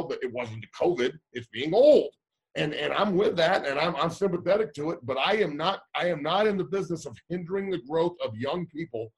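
A high school football coach ranting heatedly, blunt and swearing, fired up about his players losing their season. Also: breathy edge. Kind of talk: heated radio call-in rant.

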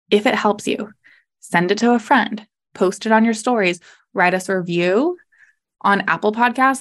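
A woman's voice: on the low side, vocal fry. A young adult woman hosting a solo podcast, talking casually and candidly, laughing often and filling with "like" and "you know". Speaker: podcast host.

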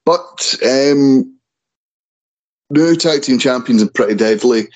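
A man's voice: medium pitch, slow pace, rough recording. A man hosting a casual wrestling chat podcast, tripping and restarting over names. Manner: stumbles and repeats words on names. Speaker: podcast host.

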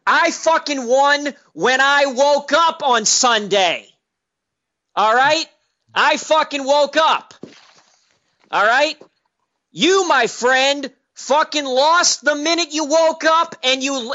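Ranting profane man, bright and high. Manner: profane, combative, repetitive ranting. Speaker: caller. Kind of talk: angry sports radio rant. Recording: dull lo-fi radio audio.

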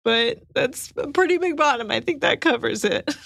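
A woman's voice: sits high, animated, normal speed, vocal fry, a bit bright. A woman co-hosting a podcast in casual chat, asking questions and giving short agreeing replies. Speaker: podcast co-host.

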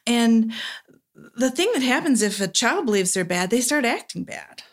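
A woman therapist appears as a guest in a casual podcast conversation, her voice fairly high, animated, and at a normal speed. She speaks reflectively and keeps checking in with "right?"

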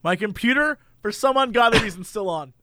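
A man hosting a comedy podcast, quick, wry and teasing in casual banter. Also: high-pitched, expressive, over a noisy crowd. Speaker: podcast host.

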